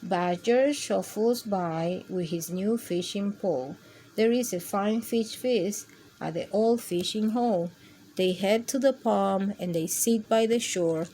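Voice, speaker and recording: A woman reading picture books aloud to children with a gentle, expressive storytime manner. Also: medium pitch, slow, slight background noise. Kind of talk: read-aloud storytime for kids.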